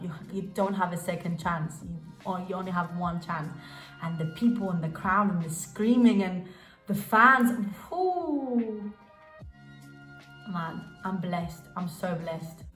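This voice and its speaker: A young woman vlogging about her dance work, gushing and emotional, with many restarts and fillers. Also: fairly low pitch. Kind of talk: casual storytelling vlog. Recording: roomy sound with faint music.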